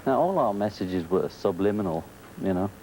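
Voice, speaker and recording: A man from England with a Liverpool accent, a talk show guest chatting in a relaxed, wry way and laughing often. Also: lowish voice, normal speed, slight background noise, low-quality recording. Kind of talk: casual talk show chat. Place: television studio.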